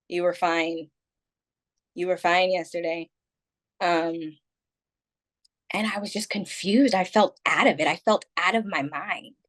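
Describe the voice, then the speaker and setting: A woman guest on a podcast, telling a personal story in candid, rambling conversation full of "like" and "um". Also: lowish voice.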